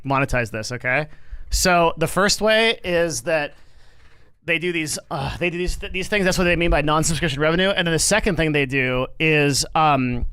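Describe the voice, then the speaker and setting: A man's voice: fairly high pitch, bright, forceful tone, smooth, no room sound. A man hosting a business livestream, talking in a loose, rambling, casual way and swearing freely. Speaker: livestream host.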